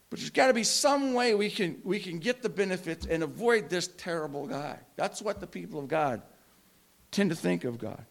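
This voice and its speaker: Lively, high-voiced male preacher. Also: moderate pace, vocal fry. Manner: impassioned, swinging between loud emphasis and hushed tones. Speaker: pastor. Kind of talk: sermon.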